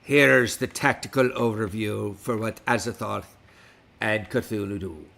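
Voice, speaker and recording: A man's voice: on the low side, unhurried, vocal fry, fairly bright tone. A middle-aged man hosting a casual livestream, talking in a put-on West Country pirate accent. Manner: playful pirate talk, reads stats aloud. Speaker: livestream host.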